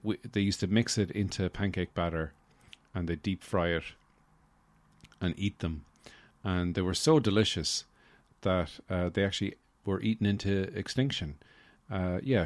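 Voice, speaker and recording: A man hosting a casual solo podcast, rambling with deadpan humor and lots of fillers into a close mic. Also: low voice, no room sound. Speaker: podcast host.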